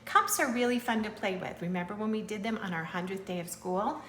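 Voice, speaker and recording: Woman, teacher of small kids, crisp bright tone, slow sing-song spelling, faint hiss behind. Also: medium pitch, animated. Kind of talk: recorded sight-word lesson for young children.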